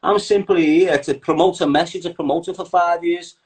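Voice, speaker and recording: A man's voice: on the high side, fairly even intonation, normal speed. A man, talking bluntly and combatively in a heated podcast chat, swearing a lot.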